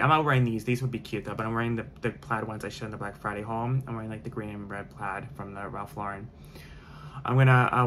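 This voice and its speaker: A man's voice: on the low side, a bit bright, a little hiss or hum. A man chatting casually while doing his makeup on camera, opinionated and prone to tangents. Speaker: beauty vlogger. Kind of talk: casual chat during a makeup tutorial.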